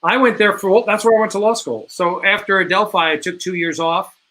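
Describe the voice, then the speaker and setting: A man's voice: sits high, steady tone, fairly quick, sharp tone, poor audio. A man from the New York area, hosting a casual podcast chat with rambling, self-correcting answers. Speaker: host.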